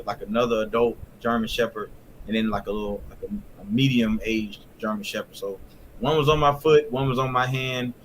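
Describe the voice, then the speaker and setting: A man recounting a childhood memory in a plain, halting way, with many fillers. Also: lowish voice, slight background noise. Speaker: guest. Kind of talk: casual storytelling.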